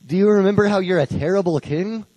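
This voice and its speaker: A man's voice: sits high, fast, dark tone, no echo, rough recording. A man voicing a blunt, confrontational male prophet in his own voice, with plain modern phrasing and stumbling restarts. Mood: challenging.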